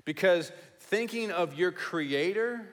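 A man preaching a sermon as pastor, emphatic and repetitive, dropping to a hush on key words. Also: high voice, expressive, takes it slowly. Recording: long hall reverb.

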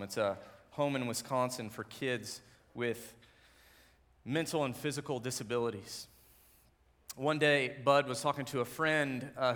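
Here a pastor gives a sermon, letting his voice fall to a soft murmur and then climb to loud, insistent passages. Scripture he reads in a deeper, steadier register.

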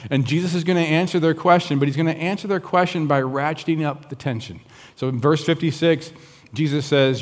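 A man's voice: fairly high pitch, a little fast. Man preaching a sermon in a reverberant hall. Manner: animated, acts out the voices of the people in the scripture. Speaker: pastor. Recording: long reverb of a large hall.

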